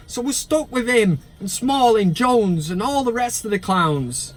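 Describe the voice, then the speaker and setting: A man hosting a fan channel, talking in a sweary, sarcastic, animated rant. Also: high voice, moderate pace, hardly any pauses. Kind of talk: ranting casual vlog.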